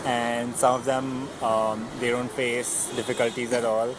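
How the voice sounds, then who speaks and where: A man from India, answering a street interview in a halting way. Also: mid-range voice, flat delivery. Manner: halting, with fillers. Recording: street traffic noise behind.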